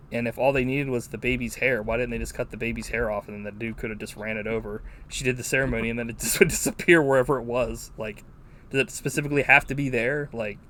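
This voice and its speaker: Profane, rambling male podcast host. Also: mid-range voice. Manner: profane, rambling, animated retelling. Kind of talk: casual movie-review chat.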